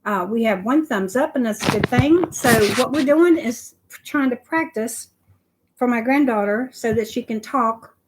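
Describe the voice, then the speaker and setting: A woman's voice: on the high side, unhurried, a little hiss or hum, rough recording. Chatty grandmother hosting a livestream. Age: older. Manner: chatty, repeats herself, fillers like "you know". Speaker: livestream host. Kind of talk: casual livestream chat.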